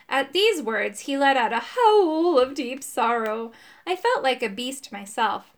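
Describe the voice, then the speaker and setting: A woman narrating a children's chapter book aloud, expressive and voicing the characters. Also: high-pitched, measured pace. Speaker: audiobook narrator. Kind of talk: children's audiobook reading.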